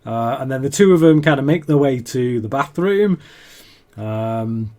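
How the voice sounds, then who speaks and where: A man's voice: mid-range voice, lively intonation, measured pace, dark tone. A man co-hosting a podcast, recapping a TV episode in casual chat, laughing often and restarting sentences. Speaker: podcast co-host.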